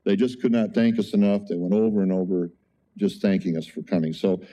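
A man preaching a conversational sermon as a pastor, telling an animated story with frequent exclamations. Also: low voice, brisk.

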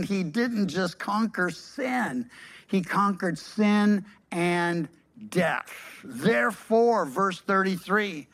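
Male pastor, unhurried delivery, reads scripture and breaks into casual animated asides. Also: sits high. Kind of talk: sermon reading and commenting on scripture.

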